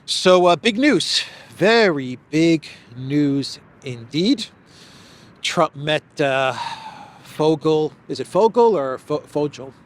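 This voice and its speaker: A man hosting a solo news commentary show, talking haltingly with many restarts and fillers, leaning hard on key phrases. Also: fairly high pitch, expressive. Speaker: political commentary host.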